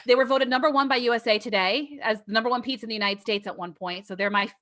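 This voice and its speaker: A woman's voice: on the high side, rapid-fire, bright, forceful tone. A woman on a livestream panel, explaining things in an easy, friendly way and laughing readily. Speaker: panel guest. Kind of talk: casual panel chat.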